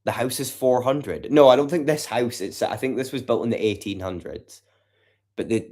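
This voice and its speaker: A man with a deep, low voice rambles to his livestream chat from home late at night. His talk is loose, profane banter, full of swearing and asides to viewers. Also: darkish tone. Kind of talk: casual chat with a livestream audience.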